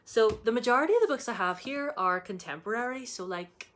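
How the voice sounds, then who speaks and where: Chatty woman with a bright voice. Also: fairly high pitch, animated, fairly quick. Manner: chatty, with frequent fillers and giggles. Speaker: book vlogger. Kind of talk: casual reading-list chat.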